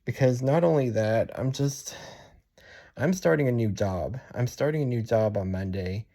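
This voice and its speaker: A man's voice: mid-range voice, dark tone. Young adult male vlogger, venting monologue, sighs often, restarts sentences, frustrated and worn down. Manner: frustrated, sighing, halting and repetitive. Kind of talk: personal venting vlog.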